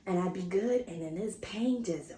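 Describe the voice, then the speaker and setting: A woman's voice: mid-range voice, moderate pace, slight background noise. A woman vlogger chatting casually to the camera, telling a story and acting out what people said. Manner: animated, chatty, acts out quotes. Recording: echoey room.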